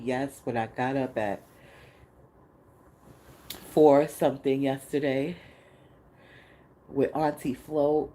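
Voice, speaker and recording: A woman's voice: a bass voice, mellow, a little hiss or hum, poor audio. A woman hosting a podcast, speaking candidly in a casual spiritual monologue, laughing often and swearing freely. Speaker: podcast host.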